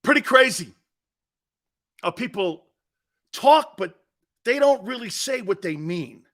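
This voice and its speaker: Male sports show host, combative rant, high bright voice that swings all over the place. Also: lively intonation, slow pace. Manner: blunt, combative, mocking imitations of others. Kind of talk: opinionated sports radio rant.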